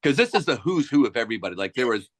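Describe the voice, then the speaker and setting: A man's voice: mid-range voice, very fast. A middle-aged man, a musician being interviewed, telling casual stories and acting out the people in them. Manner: animated anecdotes, acts out quoted voices. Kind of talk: casual storytelling.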